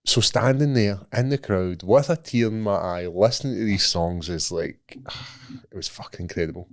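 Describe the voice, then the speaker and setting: A Scottish man in his thirties, co-hosting a podcast and telling a sweary, animated story in casual chat. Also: lowish voice, normal speed, no room sound, clean studio sound. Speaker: podcast co-host.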